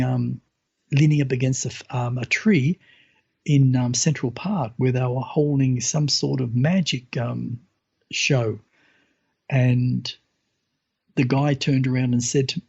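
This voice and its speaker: A man in casual talk, telling of a spiritual experience with many fillers and lively quoted voices. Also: medium pitch, creaky, husky, highs cut off. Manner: animated retelling, hesitant with fillers, voices others in quotes. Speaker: guest sharing spiritual experiences. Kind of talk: casual storytelling.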